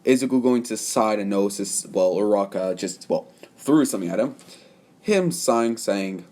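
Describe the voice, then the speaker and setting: A man's voice: on the low side, lively intonation, normal speed, a little mellow. A young man narrating a fan story off the cuff, rambling with many fillers and self-corrections.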